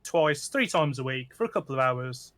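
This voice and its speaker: A man's voice: medium pitch, animated, moderate pace, fairly bright tone. A middle-aged man from England, a guest streamer chatting casually and joking about his own silly accents. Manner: jokey, playful with silly accents. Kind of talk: casual podcast chat.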